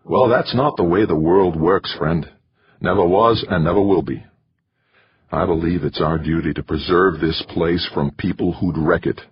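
A man voicing a brash, blunt male mission boss in an audiobook, talking forcefully and scornfully with a raspy voice. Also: low voice, normal speed, muffled recording. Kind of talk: audiobook character voice.

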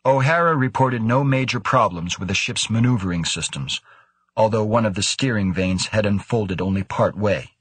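Low, husky-voiced man narrating a novel. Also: animated, normal speed, a bit bright, dry recording. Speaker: audiobook narrator. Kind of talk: scripted narration of a sci-fi novel.

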